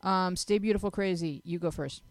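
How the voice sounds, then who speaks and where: A woman's voice: lowish voice, moderate pace, dry recording. A woman hosting a teen panel talk show, giving frank advice in a chatty, joking way and often restarting her sentences.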